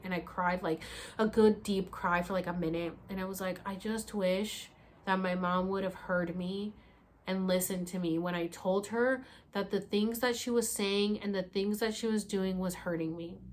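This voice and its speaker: A young woman vlogger telling a personal story in a lively, animated way, acting out quotes and becoming emotional at times. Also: mid-range voice. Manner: animated retelling with acted-out quotes. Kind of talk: storytelling vlog.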